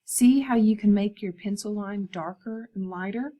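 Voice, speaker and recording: A woman voicing a brisk, enthusiastic female art teacher who gives emphatic instructions to her students. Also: mid-range voice, dark tone, close to an everyday voice. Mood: encouraging.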